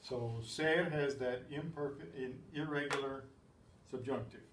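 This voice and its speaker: A man teaches a class at an unhurried, deliberate pace, patient and methodical, with dry little asides and frequent throat-clearing. His voice sits some distance from the lapel mic, in a roomy, echoing space. A faint hiss of static and room noise runs underneath. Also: mid-range voice, fairly bright tone. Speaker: Spanish teacher. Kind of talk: classroom lesson. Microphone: lapel mic that catches his badge.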